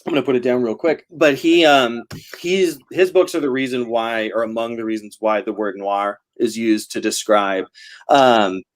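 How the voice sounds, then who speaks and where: Brief: male, mid pitch, rambling casual chat, laughs a lot, video-call mic. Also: moderate pace. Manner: rambling, laughs often, many fillers. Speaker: novelist guest.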